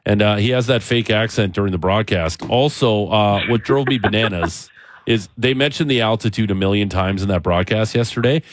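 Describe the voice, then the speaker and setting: Low-voiced radio host. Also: male voice, moderate pace. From Calgary, Canada. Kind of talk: casual sports radio chat.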